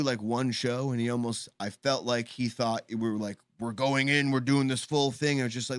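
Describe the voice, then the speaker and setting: A man of middling pitch talks in loose, rambling fashion, stopping and restarting his sentences as he tells a story among friends on a live call-in show. His voice sits close to a dry microphone with almost no room sound. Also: moderate pace, smooth, no room sound. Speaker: podcast co-host. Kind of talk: casual group chat.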